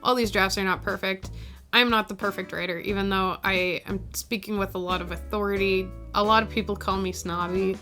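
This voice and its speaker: A woman poet walks through her own drafts in an easygoing, chatty way, poking fun at herself as she goes. Her voice sits at an ordinary middle pitch. Soft guitar music plays faintly underneath. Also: fairly even intonation, fairly quick. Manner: chatty, self-deprecating, laughs at herself. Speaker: poet explaining her editing.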